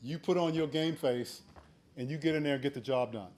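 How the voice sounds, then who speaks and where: A man's voice: fairly high pitch, a little fast. Older man telling a folksy keynote story. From United States. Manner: folksy, animated when retelling shouted quotes; earnest and urging in advice. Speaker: keynote speaker.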